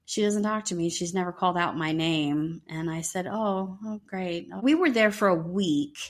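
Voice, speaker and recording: Middle-aged woman, podcast co-host, animated storyteller who acts out quoted voices. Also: fairly low pitch, normal speed. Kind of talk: casual storytelling.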